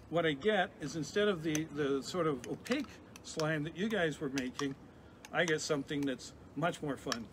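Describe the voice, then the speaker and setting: A middle-aged man with a fairly high voice runs a lively live science demonstration for kids, chatting as he works and restarting his sentences. He is a chemistry professor. A steady noisy hiss sits under the recording.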